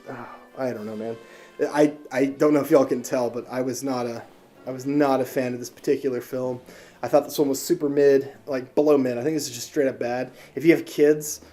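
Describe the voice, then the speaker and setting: Profane, mellow-voiced ranting man. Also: medium pitch, fairly even intonation, brisk, soft background music. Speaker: movie reviewer. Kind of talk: ranting movie review.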